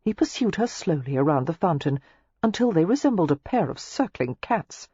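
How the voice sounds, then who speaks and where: A woman narrating a romance novel audiobook with expressive storytelling. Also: on the low side, moderate pace, slightly rough, no echo. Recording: slightly muffled, dry lo-fi recording.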